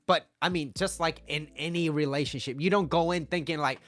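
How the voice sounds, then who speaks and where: A man's voice: a little high, normal speed, soft background music. A man coaching on dating over slides, casual and joking as he talks. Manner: joking and animated.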